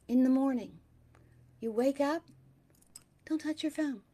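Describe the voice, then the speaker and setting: A middle-aged woman hosting a spiritual talk, speaking gently and sometimes dropping into a soft whisper. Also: sits high. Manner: slow, gentle, drops into soft whispers at times.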